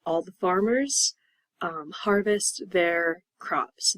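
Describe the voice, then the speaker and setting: A woman teaching English as a second language, from Pennsylvania, explaining patiently and repeating words slowly and clearly. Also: fairly low pitch, no room sound, poor audio. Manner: patient, drawn-out repetition of words. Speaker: ESL teacher. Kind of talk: slow, clear classroom explanation.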